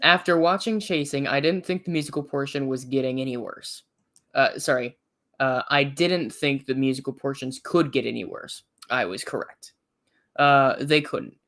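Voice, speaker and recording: A man's voice: mid-range voice, fairly bright tone. A young man co-hosting a livestream review in casual chat, stumbling and restarting as he reads notes aloud. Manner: halting, restarts often when reading aloud.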